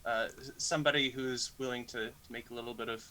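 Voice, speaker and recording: Male player as an embarrassed holy man asking for shady help; bright tone, halting. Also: medium pitch, fairly even intonation, close to an everyday voice, low-quality recording. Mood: awkward. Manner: hesitant, many fillers and restarts. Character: awkward adult male cleric, hesitant and embarrassed.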